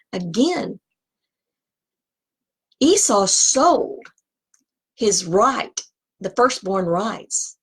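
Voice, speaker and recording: A woman leads a scripture lesson in a husky, breathy voice at a middle pitch. She talks in a loose, conversational way and often drifts into asides. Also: takes it slowly, a bit bright. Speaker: Bible teacher. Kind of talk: scripture teaching.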